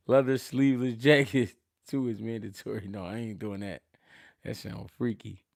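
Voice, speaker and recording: Brief: Philly-male host, gravelly low-key voice, slangy live-stream banter, dry close mic. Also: steady tone, slow pace, no echo. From Philadelphia. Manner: slangy, laughing, swings from loud to mumbled. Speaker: boxing channel host. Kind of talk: casual live-stream chat.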